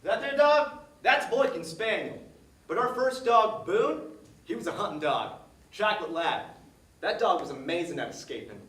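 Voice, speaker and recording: On a theater stage, an actor plays a folksy man reminiscing in a rambling, repetitive monologue about his dog. His voice is high-pitched, expressive and fairly bright, at a moderate pace. The echoey stage is heard from a distance.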